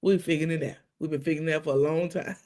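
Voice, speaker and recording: A middle-aged woman hosting a live stream, telling stories with quoted dialogue and hushed asides. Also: low-pitched, fast. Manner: animated storytelling with quoted dialogue and dramatic hushes. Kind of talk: casual live-stream talk.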